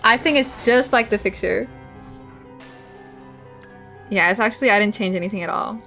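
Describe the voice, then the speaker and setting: Young woman, streamer, rambling casual chat, giggly, crisp bright tone, faint music behind. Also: medium pitch, moderate pace. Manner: rambling, giggly, talks while eating.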